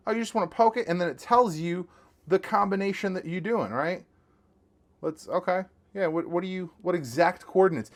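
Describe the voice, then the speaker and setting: A young man hosting a casual tech review vlog from a small home studio. He talks straight to his viewers in an excited, slangy way. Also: sits high, brisk. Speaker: tech reviewer, channel host.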